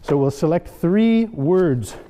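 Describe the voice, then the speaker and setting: A man's voice: fairly high pitch, expressive, warm tone. A man performing as a comedy magician, teasing and joking with audience volunteers on stage. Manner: playful, teasing, quick asides. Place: stage before a live audience. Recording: hall reverb, faint room noise.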